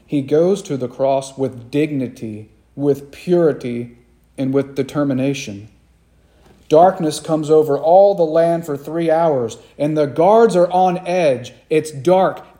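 Dramatic preacher man, mellow voice. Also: on the high side. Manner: dramatic storytelling, repeating phrases for emphasis. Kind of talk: sermon.

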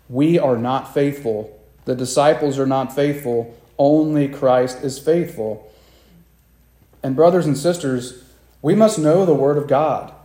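A man's voice: mid-range voice, warm tone, reverberant. A man preaching a sermon to a congregation, acting out the quoted disciples with raised, dramatic voices. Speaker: pastor.

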